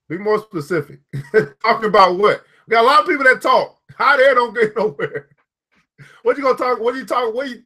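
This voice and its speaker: A man's voice: very high-pitched, pushed and bright. A man giving a motivational live talk to viewers, preachy and repetitive, calling out people by name and chuckling at his own jokes.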